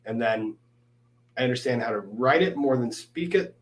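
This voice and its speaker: A man's voice: medium pitch, animated, moderate pace. A man hosting a casual livestream chat over drinks with a fellow lawyer, talking easily and turning to speak to his viewers. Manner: chatty, addresses the live chat directly. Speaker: host, lawyer livestreaming with a guest.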